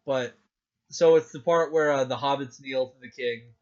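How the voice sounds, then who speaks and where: A man's voice: mid-range voice, normal speed. Rambling young man on a lo-fi podcast. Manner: rambling, excitable, lots of fillers. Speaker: podcast co-host. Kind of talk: casual chat. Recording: dull lo-fi sound.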